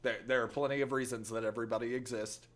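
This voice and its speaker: This is casual live-stream chat from a gaming streamer with a steady, medium-pitched, somewhat bright voice. He talks fast, teasing and joking with his viewers while a playful accent he's attempting keeps slipping.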